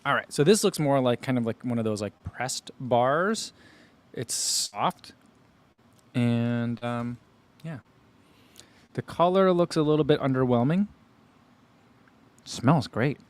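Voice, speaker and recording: A man's voice: mid-range voice, slow pace, long pauses. Casual man chatting while tasting snacks. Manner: relaxed, chatty, talks while chewing. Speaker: running channel host. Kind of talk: casual livestream food tasting.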